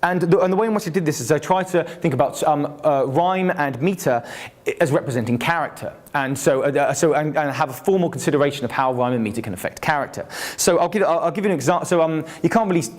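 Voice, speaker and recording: A man giving an academic talk, halting and hesitant, with frequent restarts and fillers. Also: on the high side. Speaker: university lecturer.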